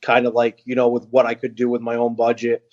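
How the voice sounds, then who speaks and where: A man, a veteran, telling a personal story as an interview guest, earnest and halting, with frequent pauses and restarts. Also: medium pitch, completely flat delivery, a little mellow, highs cut off. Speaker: guest, veteran who runs an outdoor organization for veterans.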